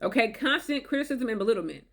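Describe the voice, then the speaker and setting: A woman's voice: a little high, animated, fast talker, fairly bright tone. Emphatic woman giving dating warnings. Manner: emphatic, repetitive, checks in with "okay?". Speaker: relationship advice vlogger. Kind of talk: direct-to-camera advice talk.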